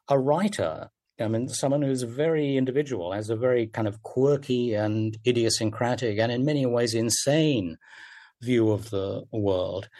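Animated older male literary critic. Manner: animated, emphatic with wide pitch swings. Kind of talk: radio interview.

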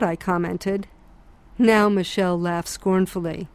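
Woman narrator, calm reflective audiobook read, dry recording. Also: mid-range voice, dry recording. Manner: measured, reflective.

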